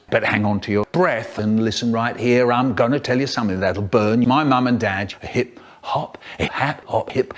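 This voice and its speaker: A man in his seventies performing comic stories and rhymes in a theatrical, lively way. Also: mid-range voice, husky. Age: 70s. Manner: theatrical, lively, swoops between silly voices. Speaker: children's poet performer. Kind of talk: animated storytelling, chopped into a remix.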